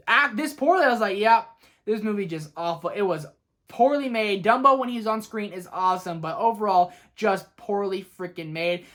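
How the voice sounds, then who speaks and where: A woman's voice: fairly high pitch, fairly bright tone. A woman vlogger chatting enthusiastically as she ranks movies, opinionated and talking straight to her viewers. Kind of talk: casual movie ranking vlog.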